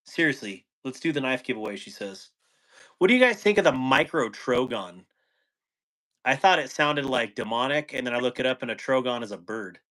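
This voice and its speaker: A man's voice: mid-range voice, a bit bright. A man hosting a casual livestream chat, laughing often and reading viewer comments aloud. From Wyoming. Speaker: host.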